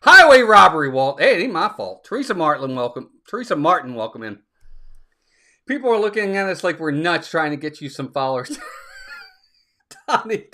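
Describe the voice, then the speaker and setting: A man's voice: on the high side, sing-song, fairly quick, fairly bright tone. A man hosting a casual live stream, upbeat, laughing often and greeting viewers by name. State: out of breath.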